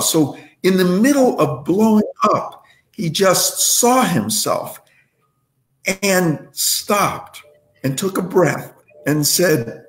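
Guy doing a pep-talk style chat over a video call, bit high, echoey room. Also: expressive, slow pace. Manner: checks in with listeners, tells stories. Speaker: guest, inspirational speaker. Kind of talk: motivational talk. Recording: roomy echo.

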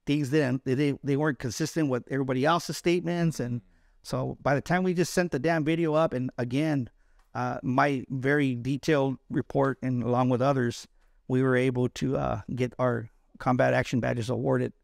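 A man with a gravelly voice, recorded dry and close, tells his story as a guest on a candid interview. He is from East Los Angeles and talks bluntly and profanely, often stumbling over repeated words. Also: mid-range voice, steady tone, normal speed, no echo. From East Los Angeles, USA. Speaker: interview guest, Army combat veteran.

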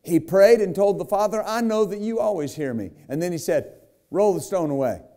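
A man's voice: sits high, expressive, normal speed, warm tone. A man preaching a sermon as pastor, retelling a scripture story with acted quotes and emphatic asides to the congregation. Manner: emphatic, frequent "right?" and "amen?".

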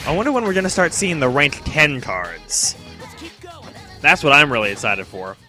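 A young man rambles through his gameplay in a loose, joking way. His voice is bright and crisp and sits a bit high. It swings up and down freely as he talks back to the characters on screen. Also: very animated, normal speed, faint music behind. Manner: chatty, self-mocking, talks to game characters. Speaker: let's play commentator. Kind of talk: casual gameplay commentary.

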